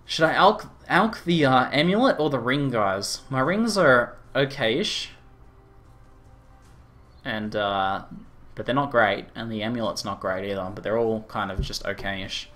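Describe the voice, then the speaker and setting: A man with an Australian accent chatting casually with viewers during a live game stream, rambling with lots of fillers and quick laughs. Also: mid-range voice, lively intonation, a bit bright. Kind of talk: casual live-stream chat while gaming.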